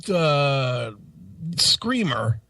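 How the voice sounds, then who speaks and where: A man's voice: medium pitch, extremely slow, no echo, distant mic. A man co-hosting a radio show, telling a story in a profane, casual way, swearing constantly and laughing as he talks. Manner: animated, swears constantly, laughs through stories. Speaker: radio co-host.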